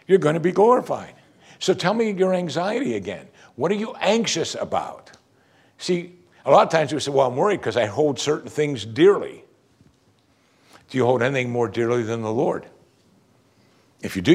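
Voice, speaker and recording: Middle-aged pastor guy preaching, lots of ups and downs in his voice, kinda husky. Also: medium pitch. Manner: animated preaching, quoting congregants in mock voices. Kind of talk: sermon.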